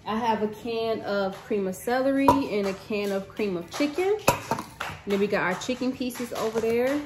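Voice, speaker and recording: Her voice runs on the high side at a moderate pace. She's a cooking vlogger in her thirties, chatting easily to viewers from her home kitchen, which echoes with a little faint room noise.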